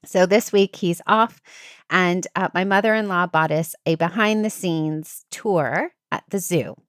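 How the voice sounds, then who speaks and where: A woman hosting a podcast, chatting casually and acting out what people said with sudden jumps in pitch. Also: unhurried, no room sound, clean studio sound. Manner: animated, acts out quotes with big pitch jumps. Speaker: podcast host. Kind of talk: casual storytelling chat.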